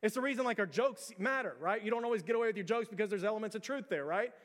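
A man's voice: sits high, racing. A man in his thirties preaching a sermon, conversational and repeating words, building to emphatic peaks. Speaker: pastor. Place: church sanctuary. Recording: long church hall reverb.

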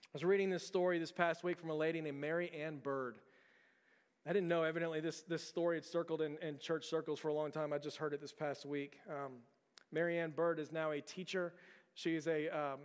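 Earnest preacher with a smooth voice in a reverberant hall. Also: male voice, on the high side, level tone, brisk. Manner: earnest storytelling with repeated words and restarts. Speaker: pastor. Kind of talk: sermon.

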